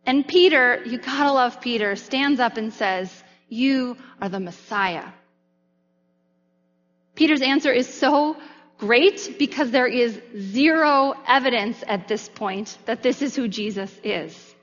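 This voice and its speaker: A woman's voice: on the high side, fairly bright tone. A woman preaching a sermon in a conversational way, sometimes briefly acting out what the disciples might have said. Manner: conversational, acts out disciples' voices in quotes. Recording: dull sound with long reverb in a hall.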